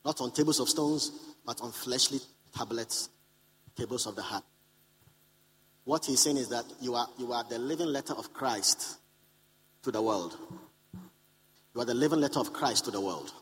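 Male preacher, mid-pitched, emphatic and repetitive, addresses the congregation directly. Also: moderate pace, pauses often, a bit bright, poor audio. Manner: repeats key lines for emphasis; calls out to the congregation. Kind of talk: sermon to a live congregation. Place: conference hall.

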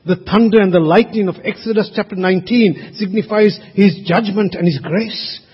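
Delivering a sermon at church, this man speaks at a normal speed in a high-sitting, breathy voice. As a pastor, he presses his points emphatically and asks the congregation rhetorical questions. The audio is muffled, with the echo of a reverberant hall.

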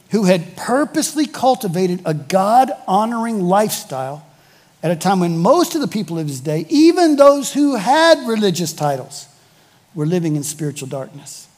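A man's voice: high voice, big pitch swings, normal speed, a little mellow, long reverb tail. A male pastor preaching a sermon with emphasis, repeating key phrases for weight.

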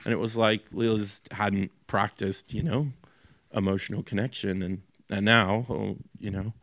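A man's voice: fairly low pitch, fairly even intonation, moderate pace, a bit bright, no echo. A man preaching a sermon as a pastor in a loose, conversational way, with many fillers and restarts.

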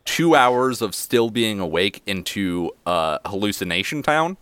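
A man narrating as game master of a tabletop role-play in a relaxed, wry way. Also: fairly low pitch, unhurried, clear, resonant tone, no echo.

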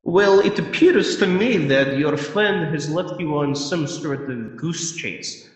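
A man voicing a smooth, mocking vampire lord, with a heavy reverb effect on his voice. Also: animated, slow, soft background music. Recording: booming echo with long reverb.

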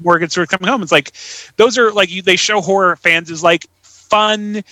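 A man's voice: high voice, fairly even intonation, moderate pace, bright, forceful tone, no room sound, poor audio. A man co-hosting a podcast, chatting casually about films with lots of "like" and "uh" fillers. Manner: rambling, heavy with "like" and "uh" fillers. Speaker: podcast co-host. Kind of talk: casual chat.

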